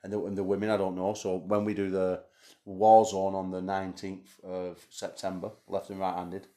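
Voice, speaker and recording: Host, male, low-pitched, crude teasing banter. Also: monotone, moderate pace, mellow. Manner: crude, teasing, laughs often. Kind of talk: casual banter.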